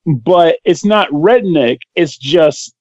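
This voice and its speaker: A man's voice: on the high side, lively intonation, slow pace, a little mellow, no echo. A man chatting casually as a podcast guest, rambling and self-deprecating and laughing often. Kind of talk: casual chat. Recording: dry, dull lo-fi sound.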